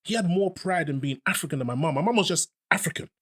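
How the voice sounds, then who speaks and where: Fast, bright-voiced man. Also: a little high. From London, of Ghanaian parents. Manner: animated storyteller, acts out voices. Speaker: guest rapper. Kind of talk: casual podcast chat.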